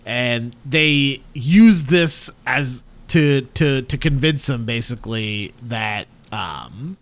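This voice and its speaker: A man co-hosting a casual podcast, recapping a TV plot haltingly, with lots of fillers and restarts. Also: medium pitch, lively intonation, fairly bright tone. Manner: halting, loses his thread, lots of fillers.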